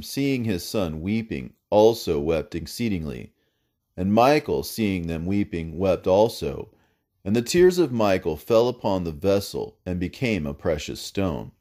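A man narrating an ancient religious text in a solemn, measured reading. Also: low voice, warm tone.

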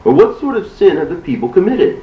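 A man's voice: fairly high pitch, sing-song, fairly quick, pitched above the performer's own voice. A man voicing an anxious young disciple asking urgent questions, heard from a distance in an echoey, dull recording.

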